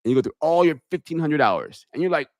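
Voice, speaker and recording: A man, an airline pilot, hosting a live question-and-answer stream from his home media room, reading viewer questions aloud and answering them in a deliberate public speaking voice into a studio microphone. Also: fairly high pitch, sing-song, darkish tone, no room sound. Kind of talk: live Q&A stream, casual chat. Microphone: studio microphone on a holder.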